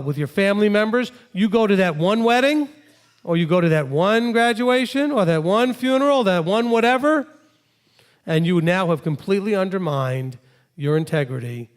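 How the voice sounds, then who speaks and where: A man, a rabbi, teaching a congregation and acting out imagined conversations in a lively preaching style. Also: high-pitched. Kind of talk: sermon-style teaching with acted dialogue.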